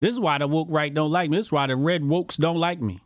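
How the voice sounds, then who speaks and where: A man's voice: a little high, quick pace, no echo, studio quality. Brash, mocking male commentary host. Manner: brash, profane, mocking, laughing. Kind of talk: casual political commentary.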